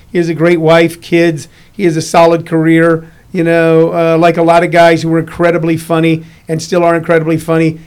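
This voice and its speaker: A man hosting a casual comedy talk show, telling stories and acting out the voices in them. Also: fairly high pitch. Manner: storytelling, acts out voices in anecdotes. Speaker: podcast host.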